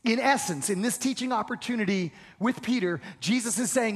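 A man preaching a sermon, emphatic and repetitive, asking the congregation questions and sometimes shouting. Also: high-pitched, fairly quick, hardly any pauses, breathy edge, big-room sound. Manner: emphatic, repeats phrases, asks the congregation questions, occasional shouts. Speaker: pastor.

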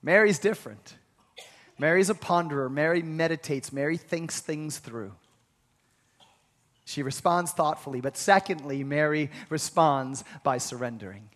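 A pastor preaching a sermon to a congregation, emphatic, leading them in call-and-response. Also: male voice, a little high, a little slow, fairly bright tone. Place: large church sanctuary. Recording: long hall reverb.

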